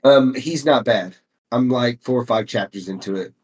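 A man co-hosting a podcast, telling teasing stories in a relaxed, drawling way. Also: medium pitch, normal speed, slightly rough. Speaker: podcast co-host. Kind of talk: casual chat.

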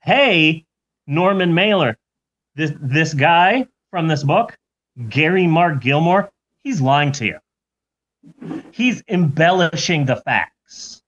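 A man's voice: a little high, animated, slow, long pauses, a bit bright, exaggerated voice. Man doing a boastful convict, confiding tone, dull muffled recording. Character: cocky male prisoner, boastful.

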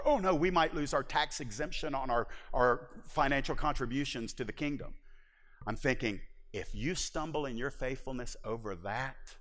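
A man preaching a sermon with passion, building to emphatic peaks and dropping to hushed, intense lows. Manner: impassioned, rises to emphatic peaks and drops to hushed low passages. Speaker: pastor. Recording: long hall reverb.

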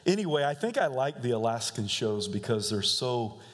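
A male pastor with a medium-pitched, sing-song voice preaches a sermon at a normal pace in a church sanctuary. He talks loosely and conversationally, often laughing between his points. The recording echoes through a reverberant church hall.

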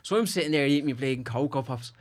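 A man's voice: medium pitch, fast talker. An Irish man in casual chat, telling crude, joking stories about growing up. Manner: crude, joking anecdotal storyteller.

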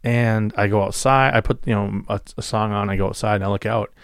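A man's voice: fairly low pitch, a little fast, smooth, no room sound, studio quality. A middle-aged man, a former radio DJ, casually telling strange stories from his past with many fillers and restarts. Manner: relaxed, with frequent fillers and restarts. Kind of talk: casual storytelling.

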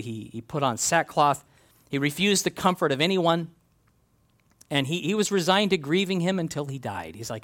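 A man's voice: fairly high pitch, a bit bright. A man preaching a sermon in a conversational, earnest way, reading scripture aloud and explaining it. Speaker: pastor.

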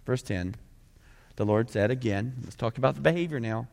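A man's voice: medium pitch, moderate pace, vocal fry, a little mellow, in a large hall. A male pastor preaching a sermon in a church, conversational and full of rhetorical questions. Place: church sanctuary.

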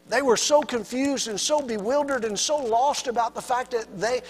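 A man preaching a sermon with passion, his delivery swinging from hushed near-whispers to loud, rising cries. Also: extremely high pitch, slightly rough. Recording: long reverb of a large hall.

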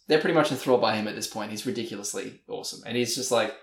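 A man co-hosting a casual podcast, telling a story with lively acted-out quotes and frequent laughter. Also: mid-range voice, fast. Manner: animated storyteller, laughs mid-sentence, acts out quoted people. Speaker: podcast co-host. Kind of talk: casual chat. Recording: roomy echo.

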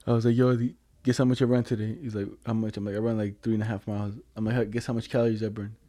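Young man, fast talker, mellow tone, laughing storyteller, casual slang. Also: lowish voice, little pitch movement. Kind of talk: casual chat.

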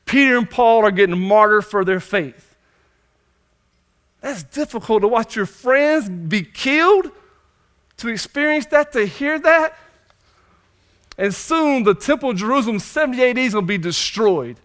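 A man's voice: extremely high pitch, animated, moderate pace, pauses often, fairly bright tone. A young male pastor, preaching a sermon with emphatic, repeated phrases. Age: young adult.

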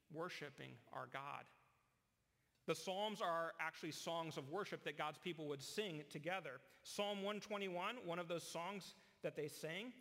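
Bright-voiced male preacher in a reverberant hall. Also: on the high side. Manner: earnest storytelling preacher. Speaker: pastor. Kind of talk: sermon.

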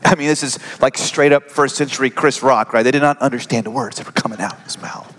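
A middle-aged man preaching a sermon, joking with the congregation and swinging from loud emphasis down to hushed whispers. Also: medium pitch, fast. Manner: conversational, joking asides to the congregation. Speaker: pastor. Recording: long reverb of a large hall.

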